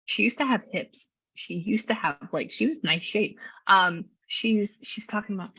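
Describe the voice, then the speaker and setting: A woman psychic giving a casual reading, chatty and quick to act out what people say in lively voices. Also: medium pitch, slightly rough, dry recording. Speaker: psychic medium and astrology reader. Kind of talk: casual one-on-one reading session. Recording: dull lo-fi sound.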